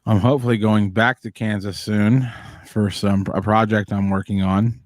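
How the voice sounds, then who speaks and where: A man's voice: lowish voice, fairly even intonation, normal speed, dry recording. A man co-hosting a podcast from his home studio, laid-back and joking in casual chat. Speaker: podcast co-host. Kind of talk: casual live-stream chat.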